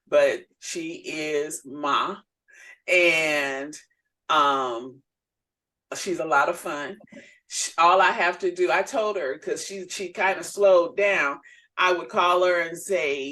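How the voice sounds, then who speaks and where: A woman's voice: deep voice, slow pace. A woman minister co-hosting a casual chat, telling family stories and acting out the voices of people she quotes. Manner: animated storyteller who acts out quoted voices. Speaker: minister and podcast co-host.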